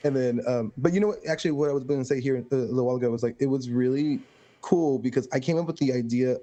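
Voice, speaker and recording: A man, a guest on a podcast, telling casual stories in an animated way, laughing often and swearing freely. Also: mid-range voice, fast. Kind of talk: casual storytelling.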